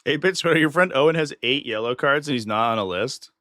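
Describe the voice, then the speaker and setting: A man's voice: medium pitch, animated, quick pace, bright, forceful tone, no echo, clean studio sound. A man hosting a live stream, talking in a chatty, opinionated way and offering casual commentary. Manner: chatty and opinionated, slips into mock voices of others.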